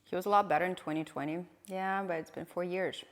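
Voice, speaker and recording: A woman's voice: lowish voice, fairly even intonation, fast talker. Chatty woman streamer in a reverberant room. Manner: chatty, rambling, questioning. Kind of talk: casual live-stream chat.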